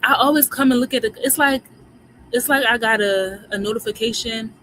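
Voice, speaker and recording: A woman's voice: fairly high pitch, a little fast, a bit bright, low-quality recording. A woman from Philadelphia with a Philly accent, hosting a livestream in a chatty, slangy way, talking straight to her viewers about moon phases. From Philadelphia, USA. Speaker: livestream host. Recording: clear background noise.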